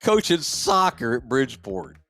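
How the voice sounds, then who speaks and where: A man's voice: mid-range voice, big pitch swings, unhurried, pushed and bright, faint music behind. A man hosting a podcast, making crude jokes in a casual chat. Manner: profane, joking, wisecracking. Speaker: podcast host.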